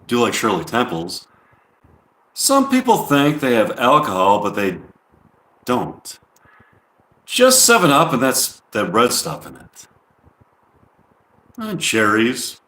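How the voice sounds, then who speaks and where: A man in an improvised comedy monologue, rambling and hesitant with frequent ums. His voice rises and falls in lively swings at a middling pitch. The recording is roomy and echoey. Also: takes it slowly, pauses often. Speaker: comedian live-streaming.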